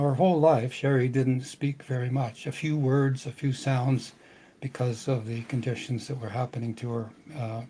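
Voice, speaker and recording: Older man recounting a personal story, mellow. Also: mid-range voice, a little hiss or hum, low-quality recording. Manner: earnest, halting with restarts. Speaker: podcast host.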